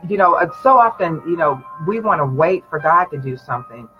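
Pastor guy, fairly high voice, preachy and encouraging, muffled lo-fi sound with a little music. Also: lively intonation, a little fast. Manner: encouraging, emphatic affirmations. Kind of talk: preaching in a prayer session. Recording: dull lo-fi sound with faint music.

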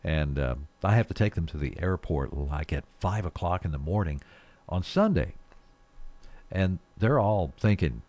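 A man's voice: deep voice, animated, a little slow, a little mellow. A middle-aged man hosting a morning radio show, chatting casually in a rambling, folksy way with frequent chuckles. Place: radio studio.

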